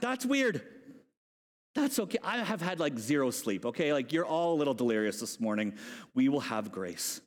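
A male pastor preaching a sermon in an animated, humorous, conversational way. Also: mid-range voice, normal speed. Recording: long hall reverb.

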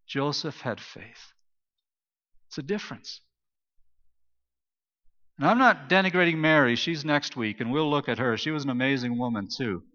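A male pastor delivers a sermon in a loose, anecdotal way, with plenty of ums and restarts. His voice is bright and pushed forward. It rings through a big reverberant church hall on a dull, muffled recording. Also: mid-range voice. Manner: conversational, anecdotal, many fillers and restarts. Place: church auditorium.

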